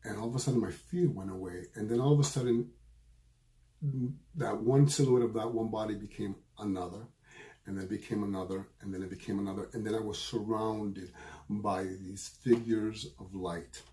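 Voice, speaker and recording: Mellow, low-voiced man telling an emotional story. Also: fairly even intonation. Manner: earnest and emotional, halting with repeated phrases. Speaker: spiritual medium. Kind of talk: personal storytelling to camera.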